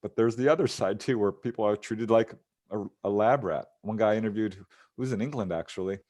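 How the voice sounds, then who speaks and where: A man's voice: lowish voice, fairly quick, darkish tone. A man, a ufologist guest on an interview show, casually retelling encounter stories, often chuckling and using fillers.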